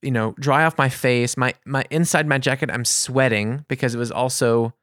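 A man telling a casual anecdote in an animated, exasperated way, with vivid asides. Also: mid-range voice, moderate pace, no echo, studio quality. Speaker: storyteller.

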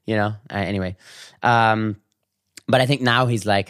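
A man in a casual comedic vlog monologue, telling stories with quick asides and animated bursts. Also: lowish voice, clean tone, dry recording, clean studio sound. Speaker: vlogger.

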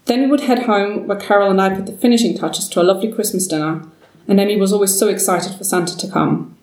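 A woman's voice: mid-range voice, fast, a little mellow, natural voice. A woman voicing a grieving, weary old man who speaks in a trembling, sorrowful way, recorded from a distance in a roomy space. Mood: wistful.

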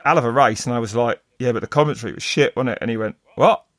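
A middle-aged man, a race commentator, telling stories in casual chat, rambling and animated with many restarts. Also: medium pitch, quick pace, no echo. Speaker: mountain bike race commentator. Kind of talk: casual podcast storytelling.

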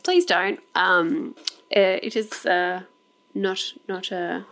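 A woman's voice: medium pitch, slow pace, gravelly, a bit bright. A woman hosting a travel podcast, chatting casually, laughing often and restarting her sentences. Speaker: podcast host. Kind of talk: casual chat.

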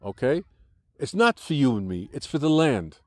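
A man's voice: medium pitch, very animated, normal speed, no echo. Older American man arguing his point. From United States. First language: English. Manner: argumentative, explanatory, frequent restarts. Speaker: interviewee. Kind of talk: conversational interview.

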